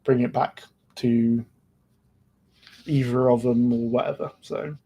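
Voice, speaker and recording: A man's voice: mid-range voice, fairly even intonation, takes it slowly, gravelly, warm tone, slight background noise. A man retelling events of a series in a loose, rambling podcast recap, filling his sentences with "like". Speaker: podcast panelist. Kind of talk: casual episode recap.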